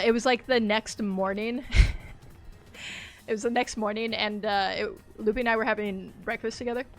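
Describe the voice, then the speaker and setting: A woman's voice: medium pitch, a bit bright. A woman streaming a game, chatting casually and rambling, laughing easily as she plays. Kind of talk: casual gaming livestream chat.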